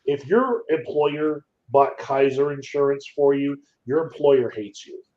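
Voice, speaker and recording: A man speaks in a measured, deliberate way during a casual chat. His voice is mellow and dark, middle in pitch. The recording is dull and lo-fi. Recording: dull lo-fi audio.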